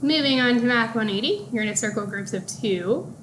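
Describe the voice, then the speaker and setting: A woman teacher walking young pupils through their morning work, speaking deliberately and spelling out punctuation marks. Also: fairly high pitch, animated, background noise. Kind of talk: recorded classroom lesson walkthrough.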